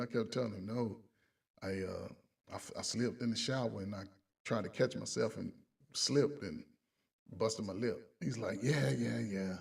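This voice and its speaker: A man's voice: lowish voice, gravelly, darkish tone, slightly rough, distant mic. A middle-aged man, a coach, telling a story from his army days in casual talk, acting out the voices and sound effects.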